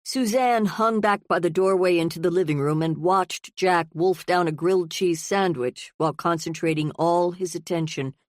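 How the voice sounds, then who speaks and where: Low-voiced woman narrating an audiobook. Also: normal speed, hardly any pauses, dry recording, studio quality. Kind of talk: scripted narration.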